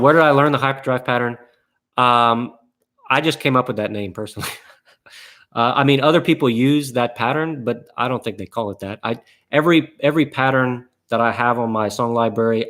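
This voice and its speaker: A man's voice: mid-range voice, moderate pace, fairly bright tone. A man teaching a live online guitar class in a casual, rambling way, with many fillers and restarts.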